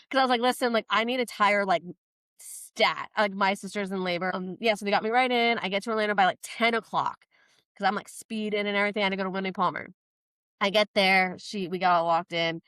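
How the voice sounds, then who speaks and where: A woman co-hosting a podcast, telling a personal story in casual chat, animated and full of "like" fillers. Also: medium pitch, dry recording. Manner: animated, quotes herself in lively voices; frequent fillers "like". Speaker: podcast co-host.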